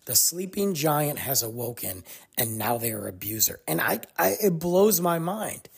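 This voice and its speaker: A podcast host talks through a casual commentary monologue with a gravelly, husky voice. The pitch swings widely as the host leans into points and acts out bits of quoted dialogue. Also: big pitch swings, moderate pace.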